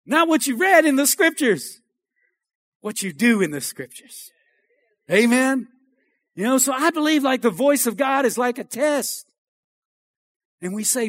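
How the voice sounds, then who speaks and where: A pastor preaching to his church in a strikingly high voice. He calls for amens in call-and-response style and rises to shouts. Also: expressive, a little slow, pauses often. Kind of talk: sermon. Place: church sanctuary.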